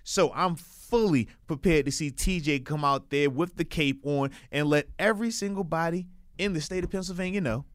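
On a casual sports podcast, a male co-host with a slightly high voice talks at a moderate pace, sounding emphatic, hyped and playful as he stretches words for effect. The recording is dry, with clean studio sound.

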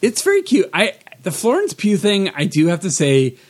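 A man with a lively, swinging pitch, chatting on a podcast. His humor is dry and he leans on ums and likes. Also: moderate pace. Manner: dry, joking, many fillers. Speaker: podcast co-host. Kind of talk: casual pop-culture chat.

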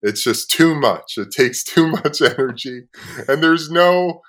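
Laid-back podcast host swearing freely. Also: male voice, a little high, animated, unhurried, fairly bright tone. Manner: swears freely, laughs often. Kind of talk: casual podcast storytelling.

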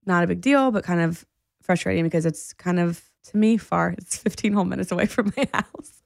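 A woman co-hosting a podcast, telling a story in casual chat, animated and laughing often. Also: on the low side, brisk, gravelly, dry recording, clean studio sound. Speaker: podcast co-host.

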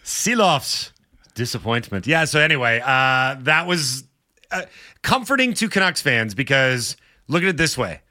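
Male sports radio co-host, bright voice, playful and quick with jokes. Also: mid-range voice, big pitch swings, no room sound, studio quality. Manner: joking, laughs often, playful asides. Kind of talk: casual sports talk.

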